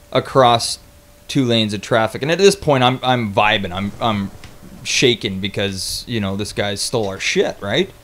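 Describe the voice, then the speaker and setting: A young man recounts a travel mishap in a loose, casual vlog style. His voice sits in an ordinary middle pitch, and he swears freely, stumbling through restarts as he gets animated. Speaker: vlogger telling a travel story. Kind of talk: casual storytelling.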